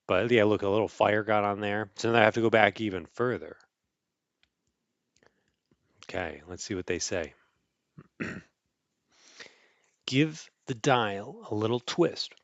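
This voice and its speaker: A man casually reading a picture book aloud to a child, playful and animated, adding sound effects and chuckles. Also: lowish voice, unhurried, pauses often, dry recording, lo-fi sound. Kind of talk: casual storybook read-aloud.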